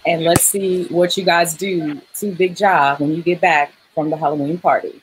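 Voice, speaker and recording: A woman's voice: fairly low pitch, fairly even intonation, measured pace, slight background noise, low-quality recording. A woman hosting a livestream dating game show, playful, laughing often and reading out donations. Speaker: host.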